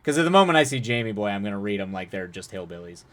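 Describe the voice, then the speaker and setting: A young man with a lowish, slightly bright voice reads a viewer's story aloud on a live stream, speaking very fast in a sing-song way. He breaks off to chat loosely and ramblingly about the writing, restarting often and laughing between passages.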